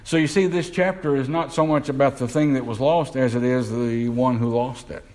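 A man preaching a sermon, putting questions to the congregation and slowing down to stress key words. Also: medium pitch, steady tone, a little mellow, poor audio.

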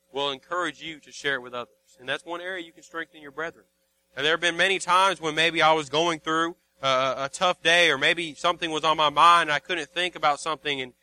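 A man's voice: fairly high pitch, pushed and bright, low-quality recording. A man preaching a sermon, earnest and repetitive, quoting King James scripture to his congregation.

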